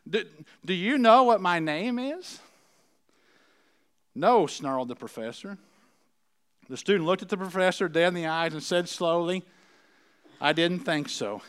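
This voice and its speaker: Middle-aged man preacher, folksy and chatty, smooth, slightly high voice. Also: fairly bright tone. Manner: conversational, folksy, checks in with the audience often. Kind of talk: sermon.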